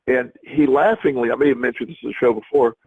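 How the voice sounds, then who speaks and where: A man's voice: mid-range voice, quick pace, slightly rough, dry recording. A middle-aged man co-hosting a podcast in casual chat, rambling with many restarts and repeated words, heard over a tinny phone-like line. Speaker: podcast co-host.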